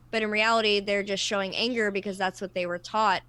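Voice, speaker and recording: A woman's voice: medium pitch, normal speed, sharp tone. A woman co-hosting a casual panel discussion, explaining ideas thoughtfully with personal examples and frequent restarts. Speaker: co-host of a discussion livestream.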